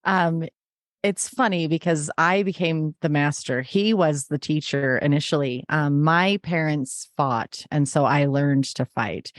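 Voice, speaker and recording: A woman's voice: low voice, a little slow, no room sound, studio quality. A middle-aged woman speaking as an interview guest, earnest and reflective, often acting out remembered conversations in her telling. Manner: earnest, acts out remembered dialogue.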